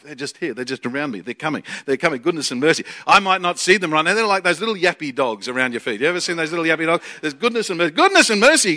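A man with an Australian accent preaching a sermon, excitable and jokey, swinging from loud bursts to quiet asides. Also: sits high. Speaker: preacher and Bible college teacher.

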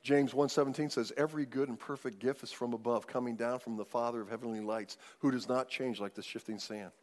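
A man preaching a sermon as pastor, emphatic, swinging widely in loudness and pace. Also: mid-range voice, steady tone, fairly quick. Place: church sanctuary. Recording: long hall reverb.

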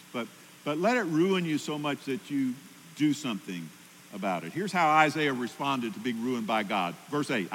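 A man preaches in an emphatic sermon voice, climbing in pitch and loudness to stress his points. His voice carries a long hall reverb, with a faint background ambience underneath. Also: a little hiss or hum. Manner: emphatic, rises loudly at key points. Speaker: pastor.

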